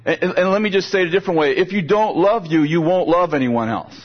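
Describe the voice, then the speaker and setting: An older man gives a chatty sermon in a fairly high, husky voice. He circles back and repeats words as he builds his point. The recording sounds dull and lo-fi. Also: quick pace. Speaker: preacher. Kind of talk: sermon with storytelling.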